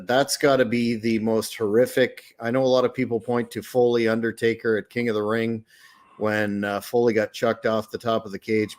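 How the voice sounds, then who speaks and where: Low, flat-voiced male host. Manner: long winding questions with hesitations. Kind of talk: interview questions.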